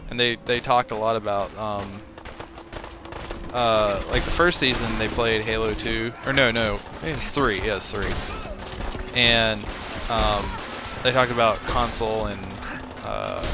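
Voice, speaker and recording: A man giving casual, rambling commentary while playing a game and chatting. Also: fairly low pitch. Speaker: gameplay streamer.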